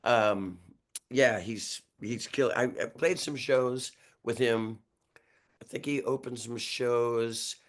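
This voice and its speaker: Rambling talk-show guest, man in his 60s, from New York, mid-pitched and chatty. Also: takes it slowly. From New York, USA. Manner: lively, rambling, chuckles often, restarts sentences. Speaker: guest musician. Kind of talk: casual storytelling interview.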